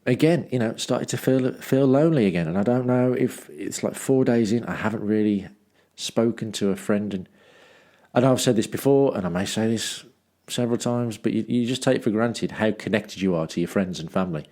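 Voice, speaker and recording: A man's voice: lowish voice, fairly quick, dark tone. A man from Dudley reading his travel journal aloud as a podcast host, with wry self-mocking asides and rambling ums and restarts. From Dudley, England.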